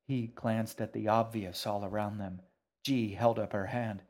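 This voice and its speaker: Slow, even male storyteller. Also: fairly low pitch. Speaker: narrator. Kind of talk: audiobook narration.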